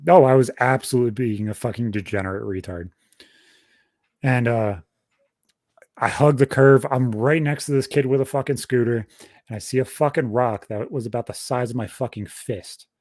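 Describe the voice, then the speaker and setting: A young podcast host tells a long story casually, swearing constantly and rambling through the details with animated energy. His mid-range voice moves at a moderate pace, recorded in studio quality with no room sound.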